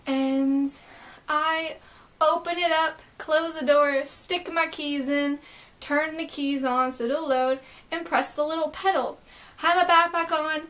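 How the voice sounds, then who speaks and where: A young adult woman telling a storytime vlog, excitable and rambling, with lots of filler words. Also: high-pitched. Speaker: vlogger.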